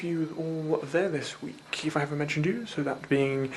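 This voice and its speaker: Rambling young man, slightly high voice. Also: normal speed, hardly any pauses, slight background noise. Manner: rambling, offhand and self-mocking. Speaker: video blogger. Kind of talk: casual chat.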